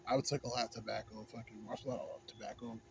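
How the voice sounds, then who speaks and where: Speaking fast in a low-leaning, level tone, a young American vlogger smokes a pipe at home and rambles through a casual, swear-filled rant, heavy on slang and "you know what I'm saying." He drifts from mumbling into loud, heated outbursts, and background noise is clearly audible in the home recording.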